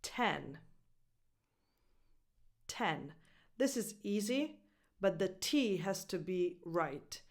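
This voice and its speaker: A woman coaching English pronunciation, saying each word slowly and repeating it for drilling. Her first language is Italian. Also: medium pitch. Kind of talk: pronunciation lesson.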